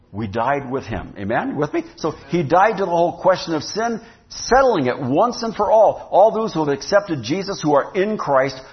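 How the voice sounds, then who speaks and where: Conversational male pastor, lo-fi. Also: on the high side. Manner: conversational, asks the congregation questions. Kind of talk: sermon. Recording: dull lo-fi sound.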